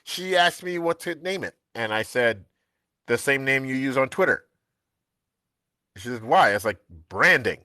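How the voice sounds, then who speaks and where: A man from the United States chatting casually on a live stream as co-host, telling animated family stories and laughing often. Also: medium pitch, a little slow, pauses often, no room sound.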